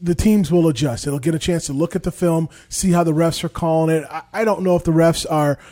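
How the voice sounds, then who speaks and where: Fast-talking mellow male football analyst. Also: on the high side, fairly even intonation. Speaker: color analyst. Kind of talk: radio sports analysis.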